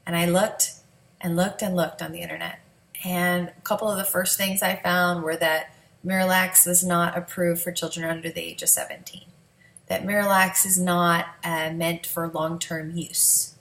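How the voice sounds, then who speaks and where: A woman's voice: fairly low pitch, flat delivery, normal speed, a bit bright. Candid woman telling her story, echoey room. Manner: candid, emotional, conversational. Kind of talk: personal storytelling vlog.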